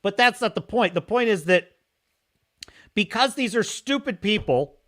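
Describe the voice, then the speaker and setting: Man, podcast host, mocking rant, high lively voice, bright tone. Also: unhurried. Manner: animated, mocking, laughs often. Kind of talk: opinionated casual commentary.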